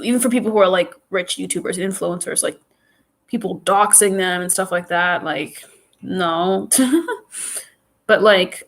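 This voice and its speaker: On a casual live stream, a New York woman with a stuffy, runny-nose voice rambles along, chatty and loose. She keeps restarting sentences and circling back with filler words. Her pitch is mid-range for a woman and a touch bright.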